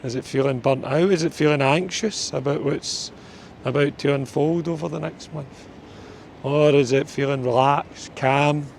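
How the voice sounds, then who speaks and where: A man's voice: a little high, fairly even intonation, moderate pace, vocal fry, slight background noise. A man, a life coach chatting casually on an outdoor walk, swearing mildly now and then. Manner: chatty, mild swearing, talks to his dog. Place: outdoors on a walk near a street.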